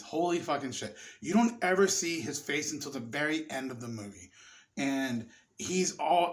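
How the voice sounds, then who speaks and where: A tipsy man rambling through a casual film review, swearing often and getting excited. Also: on the high side. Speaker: movie reviewer.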